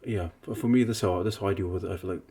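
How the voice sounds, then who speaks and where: A man from Samoa talks fast and animated in a casual podcast conversation, telling stories and acting out the lines of others. His voice is dark and husky, and he often restarts his sentences. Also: deep voice. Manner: animated, acts out quotes, many restarts. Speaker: preacher and artist. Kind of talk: casual podcast chat, storytelling.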